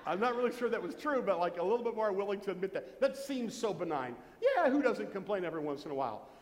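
A man's voice: sits high, expressive, quick pace, slight background noise. A man preaching a sermon as pastor, conversational, with joking asides and questions to the congregation. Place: church sanctuary. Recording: long church hall reverb.

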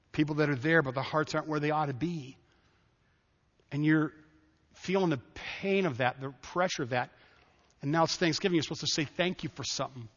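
A pastor preaching a sermon, animated and humorous, swinging from quiet asides to loud declarations. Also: male voice, high-pitched. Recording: dull audio with long hall reverb.

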